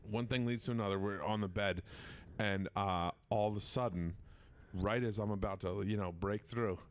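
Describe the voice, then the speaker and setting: A man's voice: fairly low pitch, fairly even intonation, moderate pace, clean tone. A man telling a crude story on a comedy podcast, rambling and laughing at himself. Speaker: comedian guest. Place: festival recording room.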